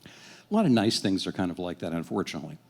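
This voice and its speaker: A man in his sixties tells a story from his own life with a lively, swooping delivery. His voice is low and mellow, and he mocks himself and drops curses as he goes. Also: racing, creaky, husky. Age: 60s. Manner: animated, profane, self-deprecating. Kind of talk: live personal storytelling.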